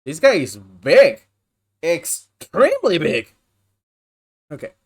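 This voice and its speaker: A woman's voice: fairly low pitch, wildly swooping pitch, slow, darkish tone, husky. A woman streamer giving casual, chatty playthrough commentary, talking to herself and to chat.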